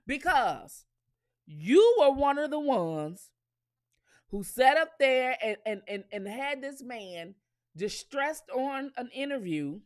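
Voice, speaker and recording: A woman's voice: high voice, sing-song, unhurried. A woman hosting her own commentary channel, talking straight to her viewers in a blunt, profane rant with lots of emphatic repetition.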